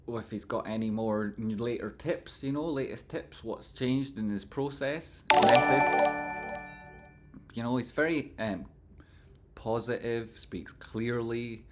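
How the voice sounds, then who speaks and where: A man hosting a live stream in casual chat, reading out and thanking viewers and breaking into playful sung phrases. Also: fairly low pitch. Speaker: livestream host.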